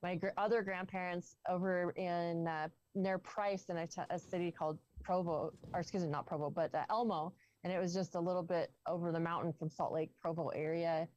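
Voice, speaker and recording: A woman's voice: on the low side, steady tone, brisk, few pauses, a little mellow, muffled recording. A woman from the southern United States, a roundtable guest telling a long, rambling story on a video call and correcting herself as she goes. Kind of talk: casual video-call chat.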